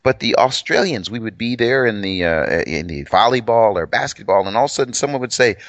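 A man guesting on a radio talk show, telling a story in an animated, laughing way. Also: fairly low pitch, brisk, few pauses, no echo. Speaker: guest teacher. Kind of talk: casual radio conversation.

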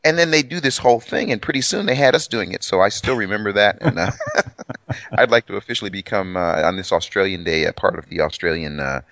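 A man guesting on a radio talk show, telling a story in an animated, laughing way. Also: low voice, brisk, no echo, highs cut off. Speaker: guest teacher. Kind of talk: casual radio conversation.

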